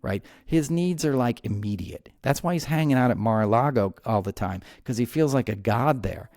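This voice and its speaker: A man's voice: mid-range voice, animated, moderate pace, a little mellow, no echo, clean studio sound. A man hosting a podcast, ranting heatedly about politics with many restarts and repeated words. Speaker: podcast host. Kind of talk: angry political commentary.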